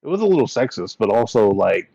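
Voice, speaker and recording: A man's voice: on the low side, very animated, quick pace, vocal fry, warm tone, breathy edge, dry recording. A man co-hosting a podcast in casual chat, laughing often and swearing casually. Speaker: podcast co-host. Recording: dull lo-fi dry recording.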